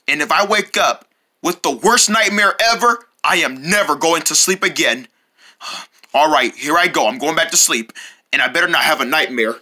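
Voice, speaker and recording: Someone voicing an excitable, panicky cartoon guy who yelps and shrieks in alarm, in a homemade cartoon. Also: mid-range voice, normal speed, voice pushed down. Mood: frantic.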